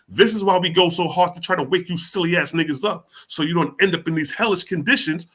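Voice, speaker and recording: A man's voice: fairly high pitch, lively intonation, fast, fairly bright tone, husky. A man hosting a reaction show, preaching heatedly and firing off rhetorical questions, with heavy profanity. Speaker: host reacting to a video. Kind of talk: profane street-preaching commentary.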